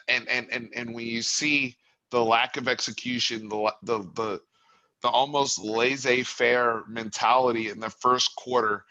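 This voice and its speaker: A man with a bright, forceful voice hosts a heated postgame reaction. He talks as a fan first and vents his frustration, at times raising his voice to a yell. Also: mid-range voice, low-quality recording. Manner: impassioned, builds to yelling. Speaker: sports talk host.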